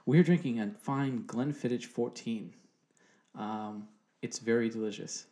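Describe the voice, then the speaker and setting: A man's voice: mid-range voice, measured pace, mellow. A man in his forties co-hosting a podcast in loose, joking chat, swearing freely. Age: 40s. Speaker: podcast co-host. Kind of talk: casual chat.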